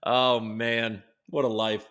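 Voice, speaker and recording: A man's voice: mid-range voice, flat delivery, slow, a bit bright, smooth. A man hosting a casual live-streamed crypto news show, rambling and jokey, often restarting his sentences and swearing now and then. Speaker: host of a daily crypto news livestream. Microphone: desk microphone.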